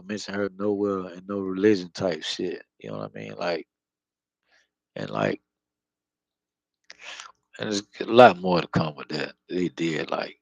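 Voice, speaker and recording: A man with a low, gravelly voice rambles through an unscripted spiritual monologue, peppered with slang, cursing and constant fillers. He sits close to the mic in a dry, dead-sounding space with no room echo. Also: highs cut off. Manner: slangy, profane, filler-heavy storytelling. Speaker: spiritual vlogger.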